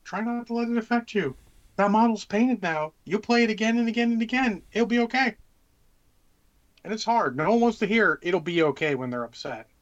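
A podcast co-host chats casually in a high-pitched, fairly quick voice, swearing freely and offering laid-back advice. The recording is lo-fi.

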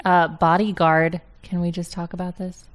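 A woman's voice: on the low side, level tone, normal speed, a little hiss or hum. A woman co-hosting a casual film podcast who makes dry, teasing remarks. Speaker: podcast co-host. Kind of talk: casual chat about films.

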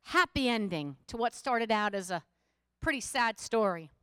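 A woman's voice: a little high, animated, normal speed, sharp tone, clear, resonant tone, no echo, studio quality. A middle-aged woman pastor preaching a sermon, telling a story in a conversational way and rising to emphatic exhortation.

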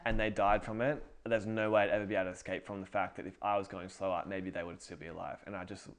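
A man's voice: low-pitched, little pitch movement, fast. A man co-hosting a casual faith podcast, rambling and correcting himself as he tells stories. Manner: rambling, self-correcting, storytelling. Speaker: podcast co-host.

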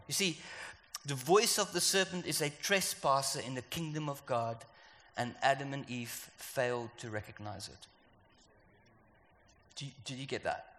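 A man's voice: medium pitch, normal speed, pushed and bright. A man preaching a sermon, stressing and repeating his key phrases. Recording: echoey hall with faint ambience.

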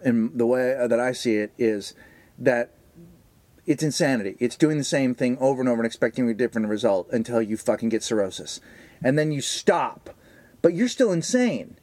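A man's voice: mid-range voice, a little mellow, no echo. Profane, confessional middle-aged man, dry sound. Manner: profane, confessional, then mock-threatening banter. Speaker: podcast co-host and stand-up comedian. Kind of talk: casual podcast chat.

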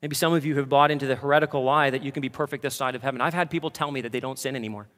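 A man preaching a sermon as pastor, moving from quiet asides to fervent, impassioned peaks. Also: mid-range voice, steady tone, racing, big-room sound. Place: church sanctuary.

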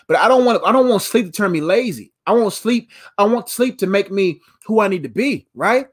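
A man's voice: high voice, expressive, brisk. A man in his thirties giving a motivational talk, repeating his points emphatically in a preacher-like rhythm. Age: 30s. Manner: repetitive, emphatic, preacher-like cadence. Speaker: motivational speaker.

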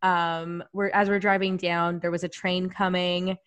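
A woman in her thirties telling a personal story in casual chat, animated and self-deprecating, laughing often. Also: lowish voice, measured pace, no room sound, lo-fi sound.

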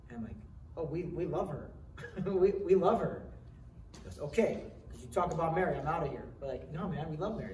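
Heard from a distance amid roomy echo and faint ambience, a man delivers an earnest sermon as a pastor, talking conversationally and often starting his sentences over. He has a fairly high-pitched, darkish voice with slight hiss or hum.

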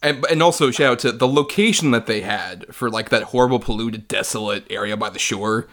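Film podcast co-host, man, mid-pitched voice, loose and profane, moves the talk along. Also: a little fast, creaky, fairly bright tone. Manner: profane, reflective, steers the talk. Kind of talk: casual film discussion podcast.

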